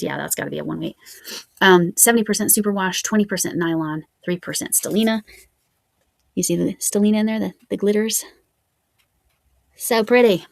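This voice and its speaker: A woman's voice: mid-range voice, creaky, no echo. A woman crochet vlogger chatting casually at home, musing aloud as she reads out yarn labels. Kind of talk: casual show-and-tell chat.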